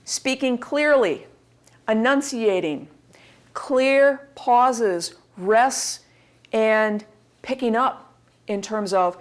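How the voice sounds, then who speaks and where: A woman in her forties giving a recorded course lecture, lively and demonstrative. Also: fairly high pitch, slow pace, long pauses. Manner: lively, demonstrative, acts out examples in varied voices. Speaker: instructor.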